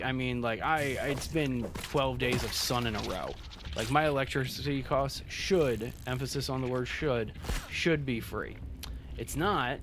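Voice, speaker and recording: With background noise behind his mid-range voice, a young adult streamer from Southern California talks loosely with viewers during a game. His chat rambles, packed with fillers and restarts.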